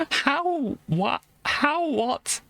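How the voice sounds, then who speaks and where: A woman's voice: high voice, very animated, very slow, pushed and bright. Woman, streamer, casual chat, giggly, trailing asides. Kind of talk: casual live-stream chat reading an old games magazine.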